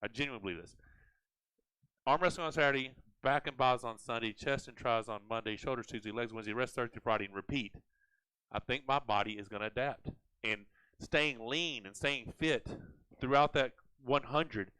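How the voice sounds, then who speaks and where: A man hosting a casual live chat, animated and rambling with frequent restarts. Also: mid-range voice, normal speed, clear, resonant tone, no echo, low-quality recording. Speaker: host.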